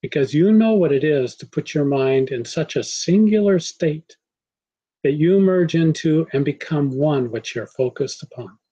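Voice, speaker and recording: A man voicing a wise old male guru, gentle and patient, in a calm, kindly storytelling manner. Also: on the high side, measured pace, husky, no room sound, lo-fi sound.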